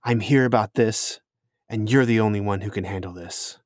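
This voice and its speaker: A man's voice: lowish voice, moderate pace, dry recording, clean studio sound, lightly acted. A man voicing a mysterious, secretive robed woman who sounds haughty and guarded.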